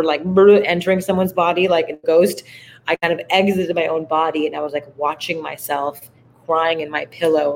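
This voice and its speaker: A woman guest talks in a relaxed, searching way, her voice carrying a gravelly fry. She leans on "like" as she works through her thoughts. A faint hum sits behind her. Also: low-pitched. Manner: reflective, heartfelt, heavy use of "like". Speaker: podcast guest. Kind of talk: casual conversation.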